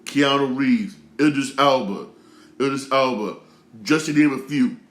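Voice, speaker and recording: A man's voice: mid-range voice, measured pace, roomy sound. A man in his thirties hosting his own show, ranting casually with lots of slang, repeats and restarts. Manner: repetitive, heated, slangy, many restarts. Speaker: show host. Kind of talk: casual rant commentary.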